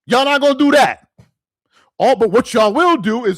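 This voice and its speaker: Ranting to camera with obvious exasperation, this sports commentary host repeats phrases again and again for emphasis. His very high-pitched, slightly bright voice has lively intonation and a moderate pace, and the recording is dry.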